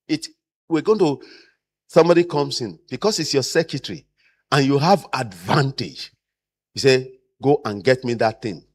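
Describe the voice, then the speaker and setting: Animated man giving a lecture. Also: medium pitch. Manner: animated, acts out quoted people. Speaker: trainer. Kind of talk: lecture to caregivers.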